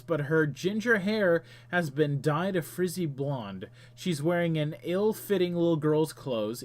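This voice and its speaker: A man hosting a game stream, chatting casually and reading the game's text aloud while muttering to himself as he plays. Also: on the high side.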